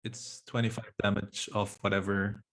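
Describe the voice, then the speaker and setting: A man's voice: lowish voice, level tone, normal speed, a bit bright. A man playing a tabletop game, answering briefly and a little unsure of the rules. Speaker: player.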